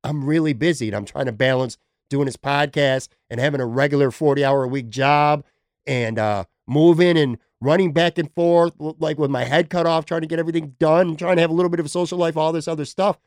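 A man's voice: a little high, steady tone, brisk, darkish tone, clean tone, no echo, clean studio sound. A man hosting a podcast, talking casually and rambling with some swearing. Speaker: podcast host. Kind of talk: casual chat. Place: temporary attic room.

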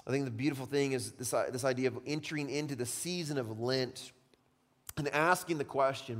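A man preaching a sermon as pastor, swinging from hushed, intimate questions to loud, impassioned exclamations. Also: medium pitch, a little fast. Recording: long reverb of a large hall.

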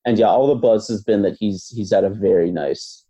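Man with a dark, low voice. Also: normal speed, muffled recording. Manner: thoughtful, hedging, many fillers. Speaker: basketball podcast co-host. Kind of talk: casual analytical chat.

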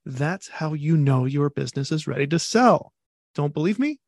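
A man with an Ohio accent, co-hosting a podcast in a chatty, easygoing way with quick laughs. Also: on the high side, animated, vocal fry, no room sound, clean studio sound. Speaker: podcast co-host. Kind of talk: podcast interview.

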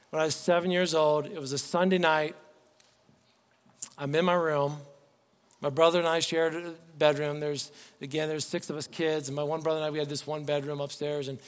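A man preaching a sermon as pastor, earnest and pleading, often restarting his words. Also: fairly high pitch. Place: church sanctuary. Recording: long reverb, faint music behind.

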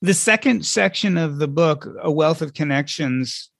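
A man's voice: a little high, a little slow, vocal fry, fairly bright tone, no room sound, studio quality. A man hosting a podcast, asking an interview question in an amused, leading way. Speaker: podcast host.

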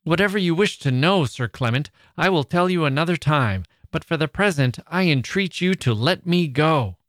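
A man reads aloud, voicing a proper young woman of the 18th century who pleads and stammers in alarm, pitching above his own natural voice. His delivery is fairly high with lively intonation at a normal speed. The sound is clean studio audio with no room sound.

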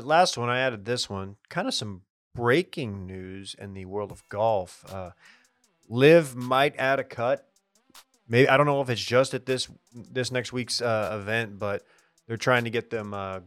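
A man's voice: medium pitch, unhurried, fairly bright tone, clean tone, no room sound. A man hosting a sports podcast, chatting casually and joking, with rambling asides. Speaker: podcast host.

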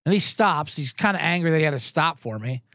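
Male podcast host, high lively voice, sarcastic profane rants, dry close sound. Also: fast, dry recording. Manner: sarcastic, profane, storytelling with acted-out quotes. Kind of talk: comedic rant.

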